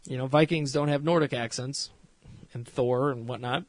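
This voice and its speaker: A man's voice: a little high, fairly quick, no echo. Rambling, cussing man in a dry room. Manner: rambling, swears freely, many fillers; retells scenes with mock voices. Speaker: podcast host reviewing a series. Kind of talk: casual spoken review.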